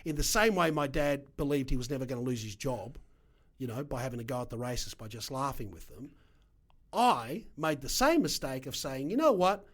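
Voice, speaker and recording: A middle-aged Australian man with an Australian accent, a guest telling his story in an animated, emphatic way with punchy asides. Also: medium pitch, a little fast. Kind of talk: casual storytelling interview.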